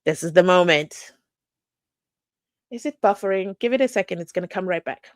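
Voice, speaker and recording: Her voice is lowish and moves at normal speed, recorded with no room sound. She's a livestream host from South Africa who reads out viewers' comments, breaks into snippets of song, and tosses in lively, playful remarks.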